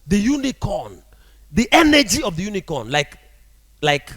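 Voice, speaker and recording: A man preaching a sermon as a prophet, animated and often asking the congregation rhetorical questions. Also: high-pitched, moderate pace, long reverb tail.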